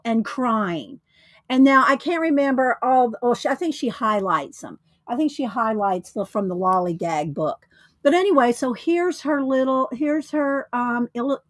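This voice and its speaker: Woman, fairly high voice, chatty livestream host, laughs a lot, dry close sound. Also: dry recording. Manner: chatty, greets viewers, laughs often. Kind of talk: casual livestream chat.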